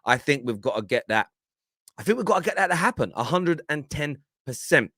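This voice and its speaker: A man with a bright, forward tone and a fairly high voice that swings up and down a lot. He hosts a football reaction show and talks over the clips in a teasing way, laughing often. The sound is close and dry. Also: very animated, fairly quick, no echo. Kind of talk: animated reaction commentary.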